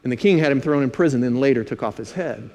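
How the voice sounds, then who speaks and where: A man preaching a sermon, emphatic, slowing to stress key phrases and dropping in dry asides. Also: medium pitch, darkish tone. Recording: long hall reverb.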